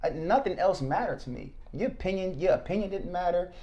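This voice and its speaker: Gravelly-voiced man telling his story. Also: sits high, fairly quick, muffled recording. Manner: animated, acts out quotes. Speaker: podcast guest, former state trooper. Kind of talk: casual storytelling.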